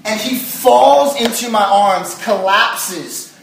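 A man's voice: sits high, slow, gravelly, slight background noise. A young man preaching a sermon in a casual, chatty way, full of fillers, as a pastor. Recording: echoey hall from far off.

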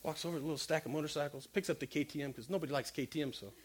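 A man giving a lively comic sermon, quizzing the crowd and acting out little stories. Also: a little high, rapid-fire. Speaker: preacher speaking to a youth audience.

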